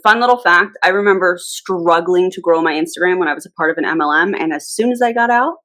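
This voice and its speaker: A woman's voice: fairly low pitch, quick pace, fairly bright tone. A woman in her thirties telling a rambling storytime in a casual vlog, acting out the dialogue. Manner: chatty and rambling, with quoted dialogue. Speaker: anti-MLM YouTuber.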